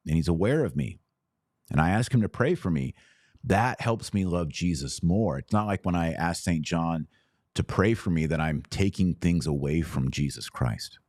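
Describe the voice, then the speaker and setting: Deep-voiced guy in his 40s doing a podcast, earnest and emphatic, dry close sound. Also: darkish tone, no room sound. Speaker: podcast host. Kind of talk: casual commentary podcast.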